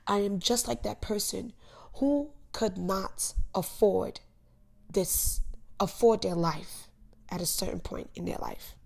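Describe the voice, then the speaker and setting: A young woman hosting her own podcast, telling an emotional personal story in earnest, with sudden loud bursts and soft, hushed asides. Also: medium pitch, slow pace, gravelly. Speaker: podcast host. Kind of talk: personal motivational monologue.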